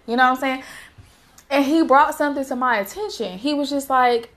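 A woman with a fairly high voice gives a casual devotional talk to her viewers. She speaks earnestly and urges them on the way a preacher would. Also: a little fast. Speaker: faith vlogger sharing a devotional message.

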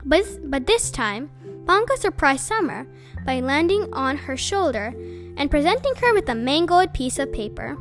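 A woman reading a children's book aloud as host of her own storytime, in an expressive, animated way. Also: sits high, moderate pace, soft background music.

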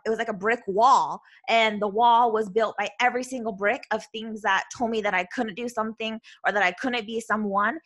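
This thirty-something self-love coach from Utah, Utah accent and all, runs a podcast where she talks solo and casually. She's quick and bubbly, leaning on "like" and "right?", and her slightly high voice sounds pushed and bright.

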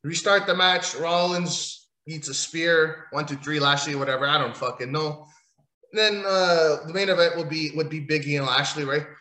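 A man's voice: a little high, moderate pace, pushed and bright. Sarcastic, swearing man in an echoey room. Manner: sarcastic, rambling, swears often. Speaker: wrestling show recapper. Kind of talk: casual profane rant recap.

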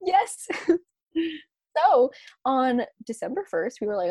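Her voice sits high with huge pitch swings as this young Long Island woman chats in a playful, slang-filled way, laughing often. She speaks slowly with vocal fry and frequent pauses, and her tone is dark and breathy, with no room sound.

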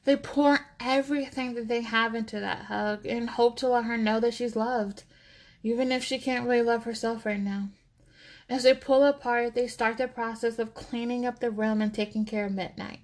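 A woman narrating a story in a steady, measured reading voice. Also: on the high side.

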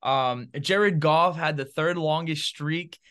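Animated man with a slightly high voice. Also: takes it slowly, clear, resonant tone. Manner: animated, opinionated, heavy on fillers like "bro" and "man". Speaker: podcast co-host; football fan giving takes. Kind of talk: casual sports chat.

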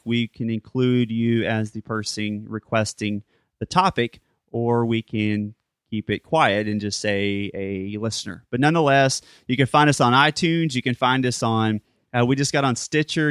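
A man's voice: mid-range voice, clean tone, no echo, studio quality. A man co-hosting a podcast in casual chat, upbeat and friendly as he talks to listeners. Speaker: podcast co-host.

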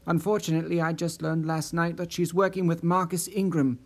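A man's voice: fairly high pitch, flat delivery, fairly quick. A man doing an eager, earnest young man. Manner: eager, earnest, slightly breathless. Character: eager, anxious young man, associate of a missing man.

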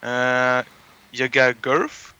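Ask: Give me a man putting on a halting caller. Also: medium pitch, steady tone, bright, forceful tone, clear, resonant tone, muffled recording, voice pushed down, heavily acted. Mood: goofy. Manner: slow, broken, halting phrases. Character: slow, halting Swedish male caller.

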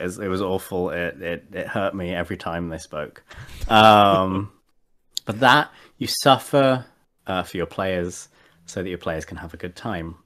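Low-voiced man rambling casually. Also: a little slow, a bit bright. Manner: rambling, many fillers and restarts. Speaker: podcast co-host, tabletop player. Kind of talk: casual chat.

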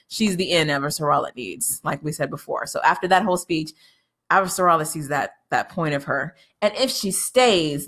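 A woman with a somewhat low voice talks through a TV episode in a loose, unscripted recap. She is chatty and swears freely. Laughter slips into her telling. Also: pushed and bright. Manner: chatty, profane, laughs often. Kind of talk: casual recap monologue.

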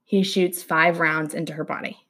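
Young female host, low-ish voice, animated casual storyteller who acts out quotes. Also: moderate pace. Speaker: podcast host telling a true crime story.

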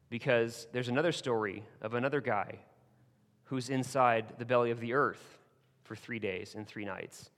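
Male preacher, casual and animated, acts out quotes; medium pitch, big reverberant room. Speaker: pastor. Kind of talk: sermon. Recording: long hall reverb.

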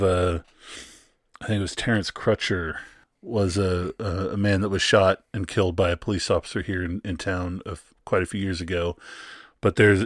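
A man, co-hosting a podcast, talking through a movie in a halting, casual way with many restarts and easy laughs. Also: low voice, no echo, studio quality. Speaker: podcast co-host. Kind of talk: casual movie review chat.

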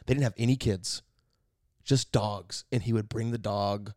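A man's voice: lowish voice, fairly even intonation, unhurried, a little mellow, no room sound. A man co-hosting a casual podcast chat, telling rambling stories into a studio mic. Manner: rambling, storytelling. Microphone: studio mic with headphones.

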